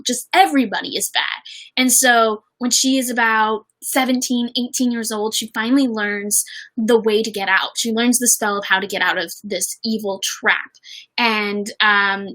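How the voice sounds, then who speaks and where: A woman's voice: on the high side, sharp tone, low-quality recording. A young woman chatting casually on a livestream while doing her makeup, bubbly and rambling, reading messages from the chat. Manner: chatty and bubbly, lots of fillers and giggles, reads out chat. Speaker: livestream host.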